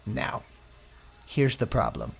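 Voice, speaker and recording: A male preacher delivering a sermon with a lively, swinging pitch. He tells his own story and slips into the voices of the people he quotes. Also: slow, gravelly, slightly rough. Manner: personal testimony, acts out quoted voices.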